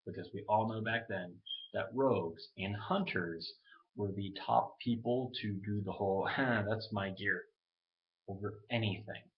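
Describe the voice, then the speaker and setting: A man's voice: on the low side, moderate pace. A man talking casually to his webcam about a game. He rambles loosely and swears now and then. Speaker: gaming video creator. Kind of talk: casual gaming talk to webcam. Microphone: webcam mic. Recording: dull lo-fi webcam audio.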